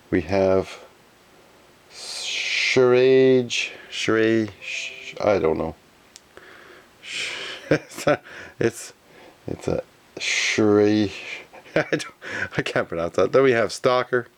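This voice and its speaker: A man from Canada, a toy collector talking casually through his collection, chuckling often and stumbling over names. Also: lowish voice. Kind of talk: casual show-and-tell commentary.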